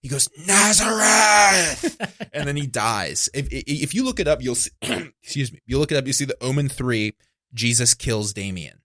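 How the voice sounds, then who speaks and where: A man's voice: mid-range voice, expressive, a bit bright, dry recording, studio quality. A man in his thirties hosting a podcast, rambling and cutting himself off as he chats and laughs. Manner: rambling, self-interrupting, quick to laugh. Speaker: podcast host. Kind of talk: casual comedic chat.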